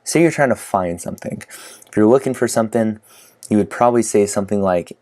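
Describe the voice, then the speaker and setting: A man's voice: on the low side, normal speed, darkish tone. A man teaching dating advice in a casual, conversational way, acting out sample lines with frequent fillers. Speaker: dating coach. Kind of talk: casual instructional talk to camera.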